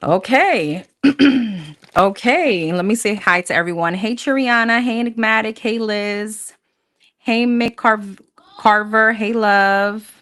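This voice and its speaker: A woman's voice: medium pitch, slow pace, fairly bright tone. A woman doing a live tarot reading, talking bluntly and casually, swearing freely and calling her viewers honey. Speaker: tarot reader.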